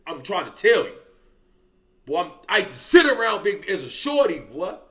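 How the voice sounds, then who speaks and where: A lively man with a bright, forceful voice that swings up and down a lot. He hosts a reaction video and tells stories in loose, profane street slang, drawing out "boy" at the ends of his lines. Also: sits high, normal speed. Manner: animated, slangy, drawls 'boy' at line ends. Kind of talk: casual profane storytelling.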